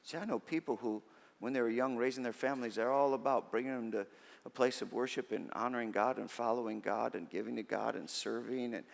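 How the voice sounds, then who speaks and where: A middle-aged man preaching a sermon as pastor, conversational and animated, with self-deprecating stories. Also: medium pitch, vocal fry. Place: large church auditorium. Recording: long reverb of a church hall.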